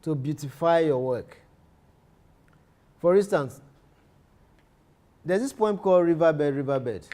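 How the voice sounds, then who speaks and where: A man's voice: fairly high pitch, lively intonation, slow pace, pauses often, dark tone. A man teaching a literature lesson, often repeating key phrases and restarting his sentences. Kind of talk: lecture.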